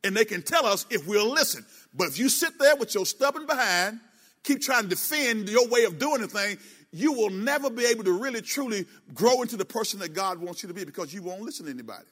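Middle-aged male pastor, bright and forceful delivery, preaching in a church sanctuary with long reverb. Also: high-pitched, lively intonation, fast. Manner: preachy, emphatic, call-and-response asides. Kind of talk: sermon.

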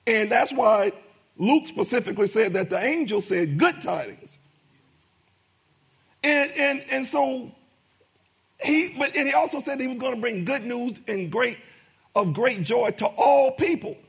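A man's voice: extremely high pitch, measured pace, gravelly, long pauses, husky. A middle-aged man preaching a sermon as pastor, with emphatic rising bursts and many repetitions.

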